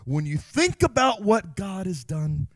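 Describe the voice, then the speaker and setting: Male pastor, sermon, very high pitch, dry close sound, fervent and emphatic. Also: sing-song, dry recording. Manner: impassioned preaching that swells to shouts and slows on key phrases. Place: church.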